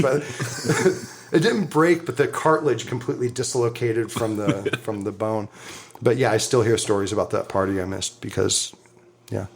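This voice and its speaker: A man's voice: on the low side, moderate pace, gravelly, slight background noise. A middle-aged man, telling a wild party story on a podcast, swearing, laughing and acting out what people said. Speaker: podcast co-host. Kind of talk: animated storytelling, casual chat.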